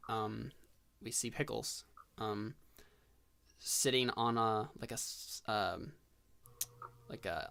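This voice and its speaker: A man narrating a tabletop role-playing game as game master, with many pauses and fillers. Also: medium pitch, sharp tone.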